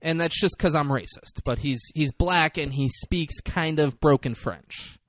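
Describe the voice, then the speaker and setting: A man's voice: fairly high pitch, measured pace, fairly bright tone, dry recording, studio quality. A man co-hosting a comedy podcast, recapping a movie in a rambling, profane way and acting out the scenes. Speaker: podcast co-host.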